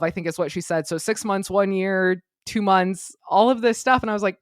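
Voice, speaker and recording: Woman guest, mid-pitch, dry booth sound, blunt casual opinions. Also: steady tone, normal speed, few pauses, no room sound. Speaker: podcast guest. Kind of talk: casual reality TV recap chat.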